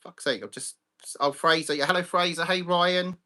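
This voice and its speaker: A man's voice: sits high, steady tone, moderate pace, pushed and bright. A man hosting a live chat stream. He talks bluntly, swears freely and greets viewers by name. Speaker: livestream host.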